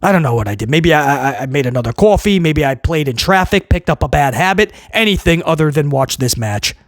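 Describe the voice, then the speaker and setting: Animated, exasperated man ranting a review. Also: a little high, a little fast, no room sound, studio quality. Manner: blunt, sarcastic and exasperated; mocks with loud comic outbursts. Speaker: wrestling show reviewer.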